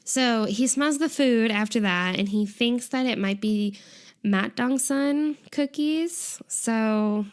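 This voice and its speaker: A young woman co-hosts a podcast, casually recapping a variety show's events with frequent giggles and lots of "like." Her voice is fairly high, smooth, and slow-paced.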